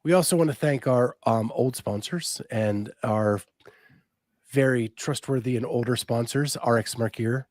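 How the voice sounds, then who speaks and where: A male podcast host in casual conversation, chatty and relaxed, stopping often on ums. His voice sits at an ordinary middle pitch. The sound is dry and close, with no room around it. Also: measured pace, no echo. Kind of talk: casual chat and sponsor reads.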